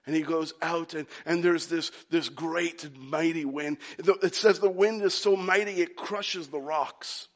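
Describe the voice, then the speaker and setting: Man, preacher, high voice, slow and dramatic, whispers then shouts. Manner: swings from hushed whispers to loud shouts; dramatic pauses, slow deliberate phrasing. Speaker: pastor. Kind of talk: sermon.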